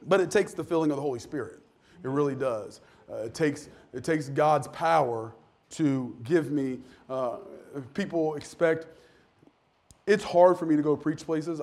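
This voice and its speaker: A man preaching a casual, candid sermon to his church, with frequent restarts and lively asides. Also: on the high side. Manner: candid, self-deprecating, animated with many restarts. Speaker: pastor. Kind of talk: conversational sermon. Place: church sanctuary.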